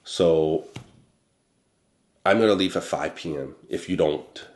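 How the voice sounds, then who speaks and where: A man hosting a talk show, telling a personal work story in a blunt, animated way, often tagging "okay?" onto his points. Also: deep voice, takes it slowly, echoey room. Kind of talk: casual storytelling monologue.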